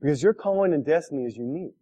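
A man's voice: a little high, lively intonation, rapid-fire, dark tone, highs cut off. A man preaching a sermon, telling a story with laughs and asking the listeners direct questions. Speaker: pastor.

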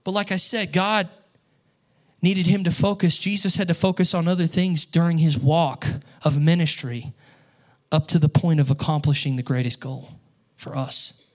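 A young man preaching a sermon, telling stories and getting louder and more animated as he acts out scenes. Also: fairly high pitch, normal speed. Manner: storytelling, grows excited and loud when acting out scenes.

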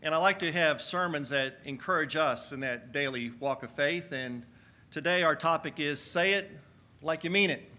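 A man's voice: fairly high pitch, normal speed, sharp tone. A man pastor preaching a sermon to his church, energetically calling on the congregation to answer back. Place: church sanctuary.

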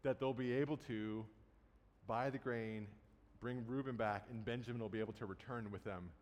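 A man's voice: mid-range voice, fairly even intonation, normal speed. A man preaching a sermon, retelling a Bible story in a conversational way and casually acting out the quotes. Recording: long hall reverb.

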